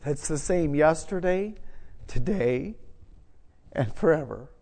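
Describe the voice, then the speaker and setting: A middle-aged man preaching a sermon, conversational and self-deprecating, building to loud emphatic moments. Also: on the high side, animated, takes it slowly, gravelly, breathy edge. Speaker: pastor. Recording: long hall reverb.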